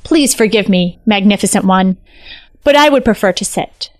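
A woman's voice: mid-range voice, lively intonation, normal speed, dry recording, natural voice. A woman voicing a brave, honest young male fox in a fantasy story, speaking formally and politely. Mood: bashful. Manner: formal, courteous speech.

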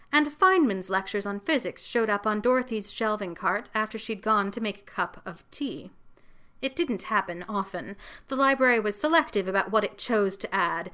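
A woman narrating a fantasy short story in a gentle, measured storytelling manner. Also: medium pitch. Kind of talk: scripted fiction reading.

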